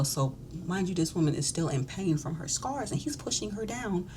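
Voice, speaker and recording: Casting: a chatty, slangy woman with a low voice, giving a gossipy recap with a faint rumble behind. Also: animated, a little fast, hardly any pauses. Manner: chatty, gossipy, slangy, acts out the characters' lines. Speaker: beauty vlogger. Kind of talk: casual chat recapping a show.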